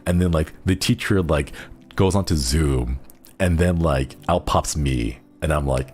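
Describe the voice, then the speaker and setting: A man's voice: a bass voice, measured pace, a little mellow, faint music behind. A young man streaming as a virtual idol, chatting casually in a rambling way full of fillers and giggly asides. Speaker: VTuber streamer. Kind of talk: casual chat.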